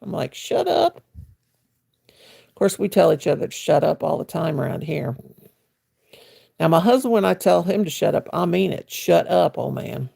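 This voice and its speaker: Older woman, livestream host at home; low, gravelly, husky, folksy chat. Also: moderate pace, pauses often, warm tone. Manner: folksy, chatty, reads and answers viewer comments. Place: at home, sitting in her chair.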